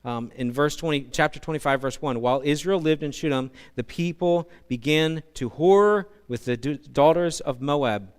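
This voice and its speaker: A male pastor preaching a sermon, telling the story in an animated way with humorous asides to the congregation. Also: on the high side, moderate pace, hardly any pauses, smooth.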